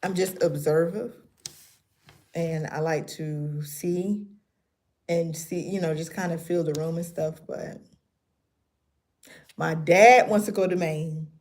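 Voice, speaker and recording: A woman's voice: low-pitched, steady tone, takes it slowly, pauses often, a little mellow. Chatty woman livestreaming. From North Carolina. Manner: chatty and laughing often, talking to viewers. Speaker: livestream host. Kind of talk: casual livestream chat with viewers.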